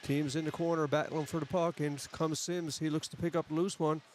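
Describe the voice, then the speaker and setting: A man with a highish, level-toned voice calls a local hockey game live at a brisk pace from a community arena. He's chatty and folksy, filling gaps between plays with asides, over slight background noise.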